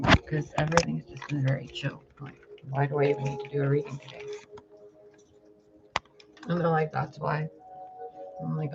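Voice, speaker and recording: A woman's voice: sits low, vocal fry. A woman tarot card reader in casual livestream chat, talking loosely and swearing now and then. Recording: dull lo-fi sound with music behind.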